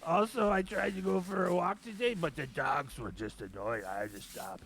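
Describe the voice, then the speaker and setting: A man doing an old man's voice, complaining in a slow, plaintive way. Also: fairly high pitch, gravelly, fairly bright tone. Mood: grumbling.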